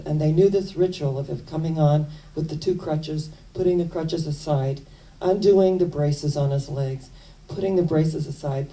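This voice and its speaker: A woman minister preaching a sermon in an earnest storytelling manner with soft asides, recorded in a church from a distant microphone. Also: deep voice. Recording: distant mic.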